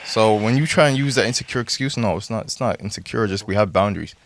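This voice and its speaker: Low-voiced man telling a story. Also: quick pace, vocal fry, slight background noise. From Toronto, Canada. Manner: storytelling, animated, stammering restarts. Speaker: podcast co-host. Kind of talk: casual podcast chat.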